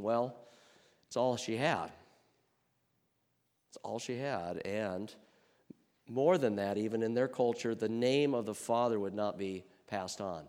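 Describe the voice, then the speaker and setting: Earnest male pastor preaching in a hall. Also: mid-range voice. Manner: earnest, with rhetorical questions and swings from loud to soft. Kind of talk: sermon.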